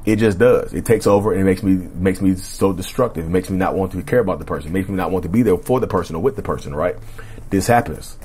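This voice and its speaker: A man hosting a casual solo podcast, talking in a rambling, repetitive way with a slightly rough throat he keeps clearing, and often asking the listeners "right?". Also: sits low, quick pace, a little mellow, slight background noise. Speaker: podcast host.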